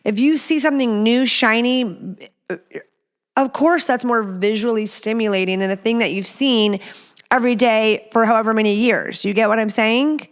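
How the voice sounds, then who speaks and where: Woman host, chatty and profane, smooth clear tone, casual advice delivery. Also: fairly high pitch, steady tone, normal speed. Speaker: podcast host.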